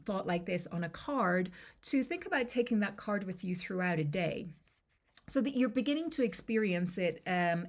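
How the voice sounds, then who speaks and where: Gravelly low-voiced woman confidence coach. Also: a little mellow. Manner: conversational, checks in with "okay?". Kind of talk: coaching lesson to camera.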